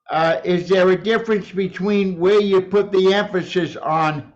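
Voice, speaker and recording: A man's voice: sits high, measured pace, hardly any pauses, muffled recording. A man in a volunteer training asking questions and repeating phrases to compare how they are stressed. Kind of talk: question from the audience.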